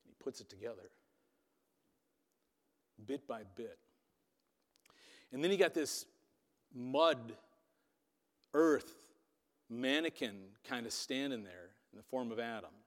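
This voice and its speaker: Guy giving a sunday sermon in a big church hall, mid pitch, long echo tail, storytelling style. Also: slow pace, pauses often. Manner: dramatic storytelling with shifting loudness. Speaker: pastor.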